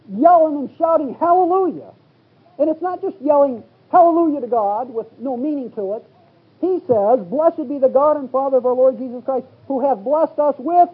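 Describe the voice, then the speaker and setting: On a lo-fi, phone-like sermon recording, a man with a very high-pitched, slightly rough voice teaches from the Bible. He reads the King James text aloud, works through it verse by verse, and lifts his voice to exclaim.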